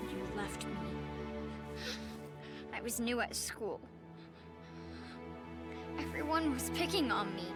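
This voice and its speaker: A woman's voice: fairly high pitch, animated, takes it slowly, pauses often, over loud music. A woman voicing a bullied young girl who is trapped and bitter, speaking in an accusing, tearful way.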